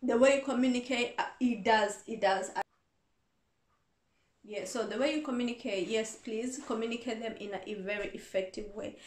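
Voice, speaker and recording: A woman's voice: on the high side, normal speed. A woman reverend answering viewer questions in a casual advice talk, earnest and repeating her points for emphasis. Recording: echoey room.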